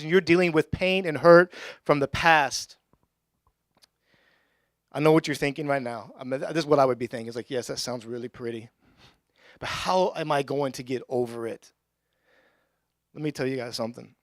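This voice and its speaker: A young adult male pastor giving a conversational sermon in a church, with joking asides and bursts of excitement. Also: fairly high pitch, moderate pace, no room sound, studio quality. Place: church sanctuary.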